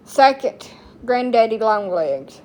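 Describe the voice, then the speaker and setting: Slow-talking blunt woman, casual rambling chat. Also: on the high side, sing-song, a little mellow. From United States. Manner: blunt, rambling, folksy slang. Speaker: TikTok streamer.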